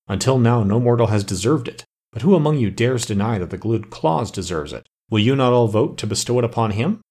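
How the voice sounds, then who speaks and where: Noble forest immortal, earnest and pleading; a man reads him, husky storybook tone. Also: medium pitch, expressive, fairly quick, mellow.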